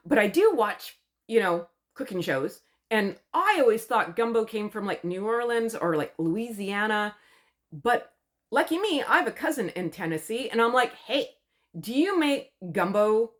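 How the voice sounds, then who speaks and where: A woman's voice: fairly high pitch, expressive, moderate pace. A woman from Canada giving a gossipy, sarcastic recap of a TV show, chatty and mocking. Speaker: commentary vlogger.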